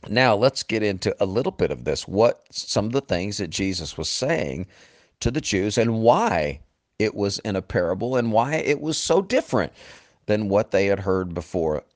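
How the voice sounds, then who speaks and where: A man delivering a sermon with a lowish voice. He is earnest and often sinks into a hushed, grave tone to drive a point home, speaking to the listener as a friend. The recording is dry and close, with no room sound. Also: very animated, moderate pace, no room sound. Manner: earnest, often drops low and quiet for emphasis, addresses listener as friend. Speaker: preacher.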